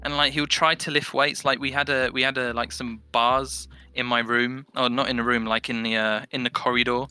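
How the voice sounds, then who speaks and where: Brief: young man on a headset, very bright voice, rambling animated storyteller. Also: medium pitch, moderate pace, hardly any pauses, clear, resonant tone. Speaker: podcast guest. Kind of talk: casual chat.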